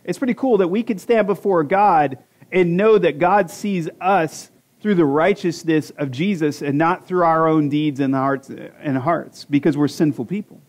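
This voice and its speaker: A man's voice: a little high, moderate pace. A man in his forties preaching a conversational sermon as a pastor, with self-deprecating jokes and rhetorical questions to the congregation. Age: 40s. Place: church sanctuary.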